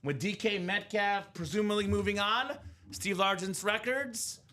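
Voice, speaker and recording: Bright, high-voiced man hosting. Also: a little slow. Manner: enthusiastic, chatty sports banter. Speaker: live card break host. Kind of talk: upbeat live stream commentary.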